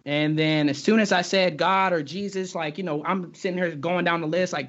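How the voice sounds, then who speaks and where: A young man, a guest in a casual interview, recounts his own experience in halting speech full of fillers and restarts. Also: fairly high pitch, steady tone, fairly bright tone. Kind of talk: casual storytelling. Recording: dull lo-fi recording.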